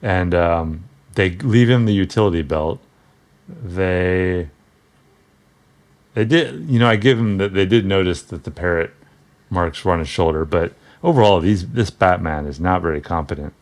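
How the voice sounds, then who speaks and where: A man's voice: low-pitched, normal speed. A man casually talking through an old comic book, rambling and wry, with frequent restarts and asides.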